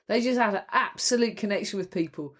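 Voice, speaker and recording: Woman, podcast co-host, mid-pitched, animated storyteller. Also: fairly quick. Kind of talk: casual book discussion.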